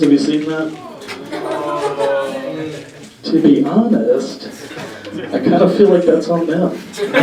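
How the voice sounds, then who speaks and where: A young man performing stand-up comedy in a halting, deadpan way, with many pauses and fillers, on a club stage before a live audience. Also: a little high. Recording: echoey room, far mic, crowd laughter.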